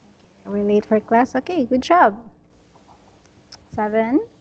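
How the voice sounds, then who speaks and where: A woman teaching an English lesson one-on-one, patiently praising her student and modelling each sentence slowly. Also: a little high, animated, a little mellow, breathy edge, muffled recording. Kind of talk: online one-on-one language lesson.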